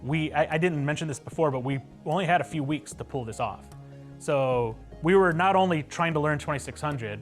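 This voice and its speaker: A man's voice: a little high, a little fast, faint music behind. A man, a game developer, speaking earnestly and reflectively in a documentary interview.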